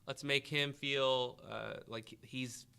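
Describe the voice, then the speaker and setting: Bright-voiced man quizzing a student. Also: mid-range voice, steady tone, slow pace, vocal fry, clear, resonant tone. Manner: questioning, encouraging, thinking aloud. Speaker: history teacher and podcast host. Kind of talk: classroom review podcast, quizzing a student.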